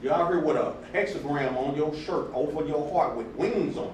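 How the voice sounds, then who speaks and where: Fired-up guy telling a story in a super echoey room, mic kinda far, slightly high voice. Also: normal speed, slight background noise. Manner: heated, retells dialogue with emphatic outbursts. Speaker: church member recounting a debate. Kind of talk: animated storytelling in group talk.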